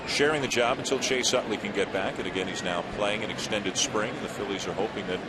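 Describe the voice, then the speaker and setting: A man giving live play-by-play for a baseball game, steady and informative, rising for big plays. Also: lowish voice, brisk, very noisy. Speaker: play-by-play announcer.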